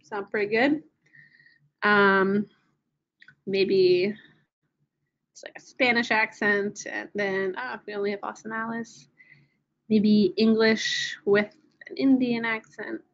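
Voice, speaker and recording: A woman giving a casual software training walkthrough, filling her pauses with ums while she clicks through settings. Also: medium pitch, fairly even intonation, dull audio, a little hiss or hum. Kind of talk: screen-share product walkthrough.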